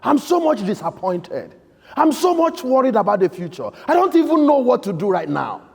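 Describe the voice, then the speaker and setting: A male priest delivering a homily with a high, lively voice that leaps between bursts of shouting and near-whispered lines. His tone is husky with a gravelly edge. The sound rings with the long echo of a church. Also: moderate pace. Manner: emphatic, swinging between loud outbursts and soft quiet lines. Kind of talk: sermon. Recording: echoey church hall.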